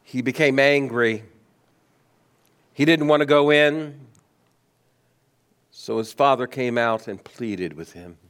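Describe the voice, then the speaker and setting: A man preaching a sermon, asking rhetorical questions and letting his voice swing between high emphasis and low, quiet stress. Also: slow, long pauses, clean tone. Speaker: pastor.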